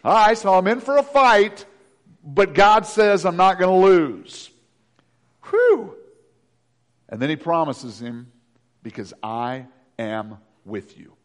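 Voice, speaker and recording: A man's voice: high voice, very animated, takes it slowly, pauses often. A man preaching a sermon in a conversational way, with joking asides. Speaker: pastor.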